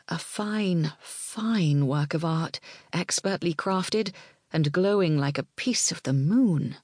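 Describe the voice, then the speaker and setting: A woman narrating an audiobook in a measured, expressive way that dips into whispers. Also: fairly low pitch, no room sound, clean studio sound.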